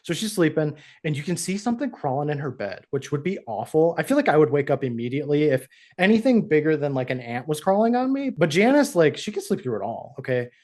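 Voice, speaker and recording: A man co-hosting a podcast, chatting casually through an episode recap. He keeps slipping into the characters' lines as he tells it. His voice sits a little higher than most men's. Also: fast, hardly any pauses. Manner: animated, acts out characters' lines while retelling. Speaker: podcast co-host.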